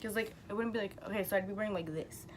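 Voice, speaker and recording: A woman's voice: mid-range voice, rapid-fire, slight background noise, low-quality recording. A young woman chatting casually to her camera, telling a rambling story full of "like" and the odd swear.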